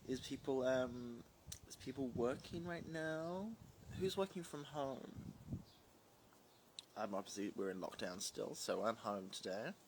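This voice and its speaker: A man's voice: medium pitch, unhurried, slight background noise. A man hosting a casual phone livestream from home, rambling and reading viewer comments aloud. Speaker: livestream host. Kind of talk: casual live-stream chat.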